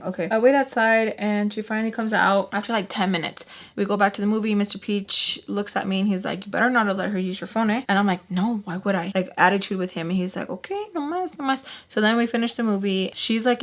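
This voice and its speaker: A young woman chatting through a personal story as a vlogger, quoting everyone in quick back-and-forth and sometimes dropping to a hushed aside. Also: mid-range voice. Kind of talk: casual storytelling while doing makeup.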